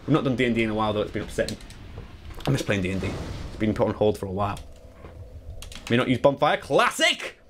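A man in his twenties chatting casually and excitedly while playing through a game, swearing freely and wandering into asides. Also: lowish voice, quick pace, long pauses, slight background noise. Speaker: gaming YouTuber. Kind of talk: live speedrun commentary.

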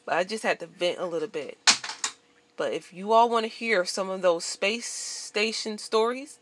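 A woman vlogger venting to camera in a blunt, profane, animated monologue. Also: mid-range voice, moderate pace, very noisy.

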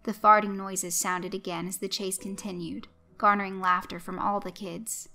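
Bright-voiced woman reading a story. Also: mid-range voice, level tone, normal speed. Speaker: narrator. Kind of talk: scripted story narration.

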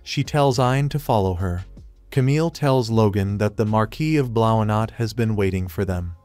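A man narrating a fantasy story recap in a flat, even third-person retelling. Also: lowish voice, normal speed. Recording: faint music behind. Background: soft background music.

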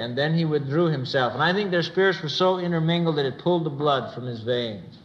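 A man's voice: a little high, fairly bright tone. Earnest man giving a church talk. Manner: earnest storyteller who acts out quoted dialogue. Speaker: speaker at a church gathering. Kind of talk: religious talk with stories. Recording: dull lo-fi recording.

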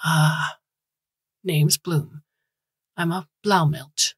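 A woman's voice: low voice, steady tone, extremely slow, breathy edge, no echo, clean studio sound, exaggerated voice. Bloom, a woman doing a cheerful rotund little man. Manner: cheerful, breezy. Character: small rotund cheerful man, a canal digger. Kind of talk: audiobook reading.

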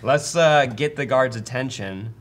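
A young man playing a tabletop game, quick and eager. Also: mid-range voice. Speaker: player.

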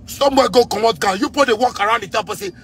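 A man in his thirties with a Ghanaian accent, ranting angrily at the president, repeating himself and breaking into shouts. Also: very high voice, racing. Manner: heated, repetitive, bursts into shouting. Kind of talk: angry rant addressed to the president.

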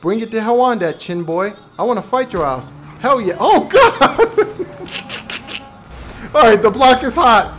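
A man voicing a brash, rowdy young gamer character during a live game stream, shouting boastful trash talk. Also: high voice, sing-song, unhurried, long pauses, background noise.

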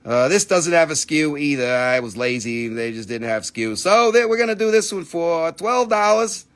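A man's voice: on the high side, lively intonation, normal speed, a bit bright. A man hosting a live stream where he sells minerals, with playful, jokey, auctioneer-like patter.

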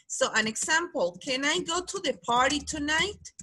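Bright-voiced teacher. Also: female voice, high voice, lively intonation, slight background noise. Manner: patient, explains slowly, repeats key words. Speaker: English teacher. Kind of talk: online class lesson.

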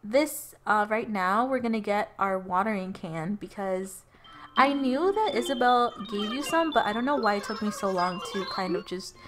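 A woman's voice: mid-range voice, expressive, normal speed. A young woman giving casual commentary over her gameplay footage, rambling and giggling as she loses her train of thought, at home. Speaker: let's play gamer. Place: at home with her cat on her lap. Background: game music.

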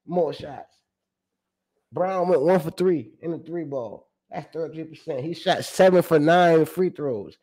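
Animated, slangy man breaking down stats. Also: fairly high pitch, a little slow, husky. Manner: animated, slangy and profane, reciting stats with emphatic repeats. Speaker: sports show host. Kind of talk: casual sports commentary.

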